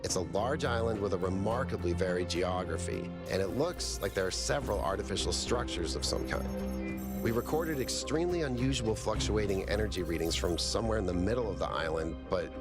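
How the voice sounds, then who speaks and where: A deep robot scout's briefing. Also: male voice, lively intonation, a little fast, over loud music. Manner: explanatory, matter-of-fact. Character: earnest male robot scout giving a briefing. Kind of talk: video game voice acting.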